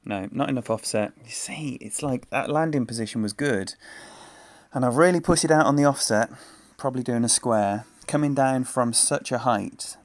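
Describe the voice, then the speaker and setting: A man's voice: mid-range voice, normal speed, dry recording. A man giving live gameplay commentary and chatting with his viewers by name, laughing easily. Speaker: game streamer. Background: faint game music.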